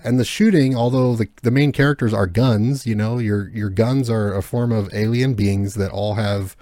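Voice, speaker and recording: A man with a lowish voice chats casually on a podcast, rambling through fillers and restarts and swearing freely. The sound is dry and close, with no room around him. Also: warm tone, dry recording. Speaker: podcast co-host. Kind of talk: casual chat.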